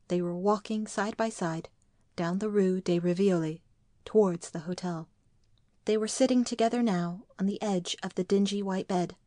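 Brief: a woman reading literary fiction aloud, calm and measured, dry sound. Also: mid-range voice, no room sound. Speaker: narrator. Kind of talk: audiobook narration.

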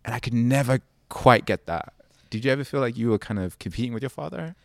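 A man's voice: mid-range voice, expressive, fast, vocal fry, no room sound, studio quality. A man with a British accent hosting an interview, asking long reflective questions padded with fillers. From United Kingdom. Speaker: interviewer, host. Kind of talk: conversational interview.

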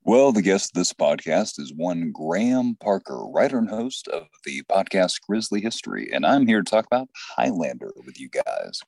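A man speaking as a podcast guest in casual chat, smooth and relaxed. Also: low voice, normal speed, few pauses, no room sound, studio quality.

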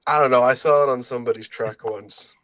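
Deadpan young podcast co-host. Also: male voice, mid-range voice, fast, dry recording. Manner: deadpan, self-deprecating joking. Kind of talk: casual chat.

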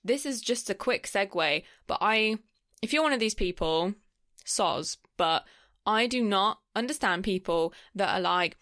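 A woman, co-hosting a podcast and chatting casually about a film, swearing freely and drifting into quick asides. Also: medium pitch, expressive, a bit bright, no room sound, clean studio sound. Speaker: podcast co-host. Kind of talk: casual film review chat.

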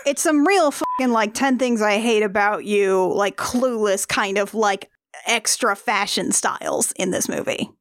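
A woman's voice: medium pitch, measured pace, dry recording, clean studio sound. A woman guest on a podcast, chatting casually about a movie, incredulous and swearing offhandedly.

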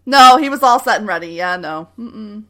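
A woman chatting casually as a co-host, recapping a TV episode with lively retellings and some swearing. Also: mid-range voice, normal speed. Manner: animated retelling with acted quotes and laughs; frequent swearing. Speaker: podcast co-host.

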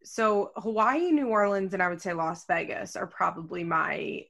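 A woman's voice: mid-range voice, expressive, moderate pace, creaky, fairly bright tone. A woman co-hosting a podcast in casual chat, with a mild speech impediment, talking in a loose, chatty way with lots of fillers and some swearing. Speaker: podcast co-host.

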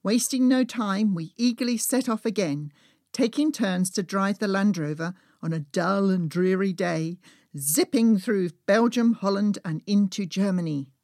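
Woman, memoir narrator, measured storytelling, dry recording. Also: medium pitch, darkish tone, dry recording. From England. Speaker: author and narrator. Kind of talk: memoir reading.

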